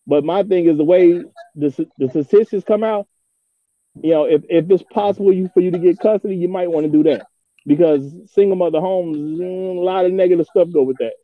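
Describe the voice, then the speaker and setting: A man's voice: sits high, fairly quick, no room sound, narrow, tinny audio. A man stubbornly arguing his point in a casual podcast debate. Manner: firm, stubborn, repeats his verdict.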